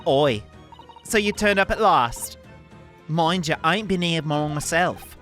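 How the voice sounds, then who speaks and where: A man's voice: a little high, animated, measured pace, a bit bright, faint music behind. A man doing a brash, slangy young woman. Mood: cheeky. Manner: slangy, scolding, drops grammar. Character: brash young street-smart woman, tough and cheeky. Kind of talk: game voice-acting in a let's play.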